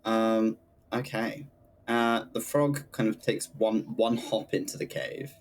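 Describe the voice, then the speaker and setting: A man running a tabletop roleplaying game as game master, calm and procedural, checking rules and stats with his players. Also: on the low side, takes it slowly, low-quality recording.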